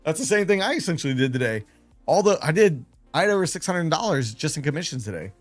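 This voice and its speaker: The host of a late-night trading livestream speaks quickly in a fairly high, sing-song voice over faint music. He rambles casually and runs himself down in a joking way.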